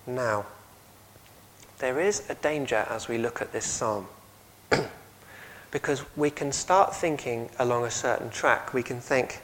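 A man's voice: medium pitch, slow, long pauses, a little hiss or hum, rough recording. A man with an English accent preaching a sermon, telling stories and asking the congregation questions. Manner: lively storytelling, audience questions.

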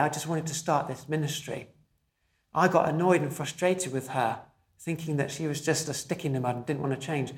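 A man, a pastor, preaching a sermon in a measured, emphatic way, slowing down to stress key phrases. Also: a little high, reverberant.

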